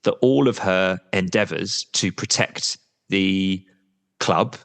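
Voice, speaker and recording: A man's voice: sits low, takes it slowly, vocal fry, a bit bright, in a large hall. A man representing a football supporters' trust as a podcast guest, talking candidly and at length, with the odd blunt swear word.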